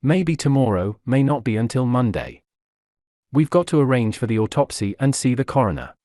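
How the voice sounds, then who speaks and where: A man's voice: medium pitch, very animated, moderate pace, warm tone, no room sound, clean studio sound, close to an everyday voice. A man voicing a middle-aged police superintendent who speaks steadily and laconically. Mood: laconic firm.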